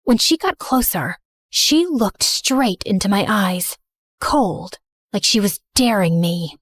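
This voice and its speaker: A woman narrating a scripted animated story in first person, earnest and remorseful. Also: mid-range voice, slow, dry recording, studio quality.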